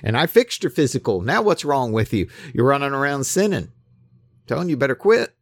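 A man preaching who voices Jesus as a brisk healer, speaking up high and emphatically. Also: very animated, no echo. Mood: rebuking. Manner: raised, emphatic, questioning delivery.

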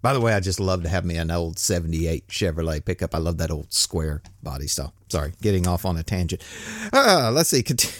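A man's voice: low voice, animated, a little fast, a bit bright, no room sound. An older man hosting a podcast, talking in a rambling, folksy way and chuckling often. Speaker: podcast host. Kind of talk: casual solo podcast monologue.

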